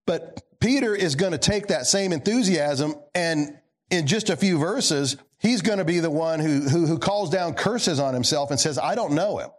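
Speaking expressively at a normal speed, a male pastor preaches a sermon that shifts between emphatic lines and low, quiet remarks, with questions directed to the congregation.

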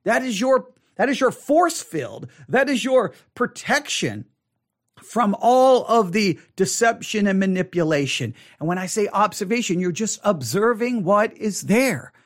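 A man teaching a Bible study, reading scripture aloud and then explaining it with emphatic repetition, slowing down to stress his points. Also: sits high, sing-song. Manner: emphatic, repeats key words, slows down to stress points.

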